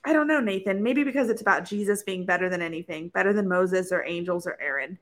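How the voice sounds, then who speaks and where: A woman reading aloud as a shy, devout young woman from a storybook, in a soft, earnest tone close to her own voice. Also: lowish voice, fast talker, lightly acted.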